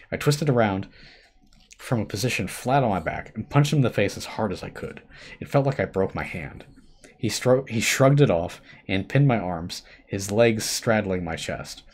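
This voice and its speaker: A man hosting a live stream, reading a horror story aloud with expressive shifts between hushed and urgent delivery. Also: lowish voice. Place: home streaming setup.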